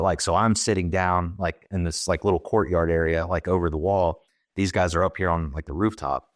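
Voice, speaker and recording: Very deep-voiced former Marine telling a story. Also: male voice, no echo, clean studio sound. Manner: plain, halting retelling with many fillers and quoted dialogue. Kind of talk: casual storytelling in conversation.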